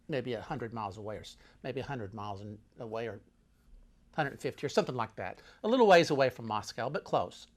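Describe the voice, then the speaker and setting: Easygoing male storyteller, medium pitch, meandering delivery with lots of restarts. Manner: meandering, full of restarts and asides. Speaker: travel storyteller. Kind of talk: casual spoken travel story.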